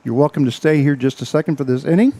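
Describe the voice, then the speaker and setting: A man calling a local baseball game as play-by-play announcer, out of breath and talking in halting bursts full of uhs. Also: fairly high pitch, mellow. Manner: halting, filler-heavy play-by-play with frequent uhs. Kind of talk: baseball radio commentary.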